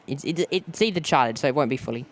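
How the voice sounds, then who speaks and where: A man, hosting a casual plane-spotting live stream outdoors, easygoing and halting, often repeating words. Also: on the high side, animated. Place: outdoors at an airport.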